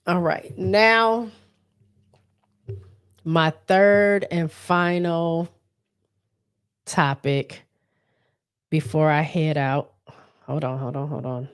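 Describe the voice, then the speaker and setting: Low-voiced woman hosting a casual podcast. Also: steady tone, drawn-out words, pauses often, clear, resonant tone. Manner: chatty, loose, many fillers and restarts. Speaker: podcast host. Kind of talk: casual solo podcast chat.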